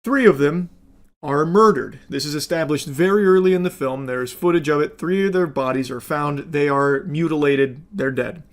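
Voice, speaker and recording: A man hosting an online video, giving a dry film review and loud gameplay commentary. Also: fairly high pitch, normal speed. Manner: dry, flat delivery that breaks into loud excited yelling.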